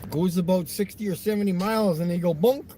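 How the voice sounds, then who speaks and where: A man chatting casually on a show, rambling through joking flat-earth banter. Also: high-pitched, quick pace, a little hiss or hum. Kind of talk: casual chat.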